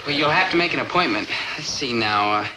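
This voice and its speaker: A man's voice: mid-range voice, animated, brisk, a crowd in the background, natural voice. A man playing a wisecracking lovestruck teen. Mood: smug. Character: lovestruck teenage boy, wisecracking. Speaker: lead character. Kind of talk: 1950s sitcom acting. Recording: noisy old TV soundtrack.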